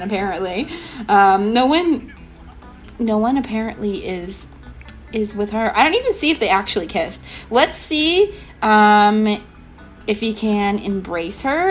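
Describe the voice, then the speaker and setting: A young woman hosting a let's play, chatting in a bubbly, excitable way full of "like" and "um". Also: medium pitch. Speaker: gaming channel host. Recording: light background music.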